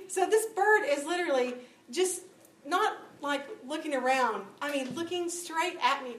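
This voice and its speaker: Woman, testimony talk, storytelling, slightly high voice, echoey room, faint background noise. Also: normal speed, recorded from a distance. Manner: animated storytelling, acting out dialogue. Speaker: speaker giving testimony. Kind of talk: testimony talk to a church audience.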